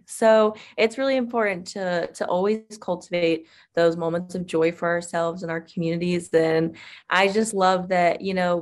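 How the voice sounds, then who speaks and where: A woman hosting a podcast, affirming her guest and asking long, careful questions. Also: lowish voice. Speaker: podcast host. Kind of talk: podcast interview.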